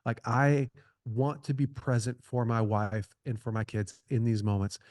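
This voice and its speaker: A middle-aged man talks earnestly as a podcast guest, circling back and restarting his phrases as he makes a point. His voice sits at an ordinary pitch. The sound is dry and close, with no room around it. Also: little pitch movement, measured pace, darkish tone, no echo. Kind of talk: conversational advice talk.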